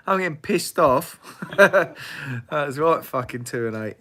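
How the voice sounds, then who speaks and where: A man's voice: fairly high pitch, normal speed, pushed and bright. A man hosting a casual live Q&A, blunt and swearing freely, laughing often. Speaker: livestream host.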